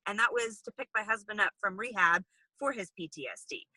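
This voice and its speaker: Woman, 30s, video-call guest, earnest and candid, bright edge, dry close sound. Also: mid-range voice, brisk, no echo, low-quality recording. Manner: earnest, candid, talks to the audience as "y'all". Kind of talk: casual chat on a video call.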